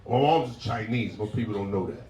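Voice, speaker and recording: Speaking a little fast in a lowish, darkish voice, a male comic performs a profane stand-up set with crowd work and character voices. The live show has passersby nearby, and a distant mic picks up roomy sound, the audience and slight hiss or hum.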